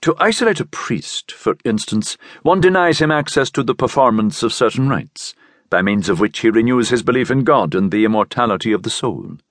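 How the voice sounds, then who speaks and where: A man voicing a calculating man who coolly explains a slow, cruel revenge. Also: medium pitch, expressive, a bit bright, no room sound, studio quality, voice pushed up. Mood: coolly scheming. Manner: smooth, measured and cold.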